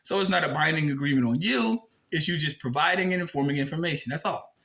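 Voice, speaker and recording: Blunt, high-voiced man explaining a form. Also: fast talker, fairly bright tone, low-quality recording. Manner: blunt, emphatic and profane, with rhetorical questions. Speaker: video presenter. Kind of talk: casual explainer reading from a form.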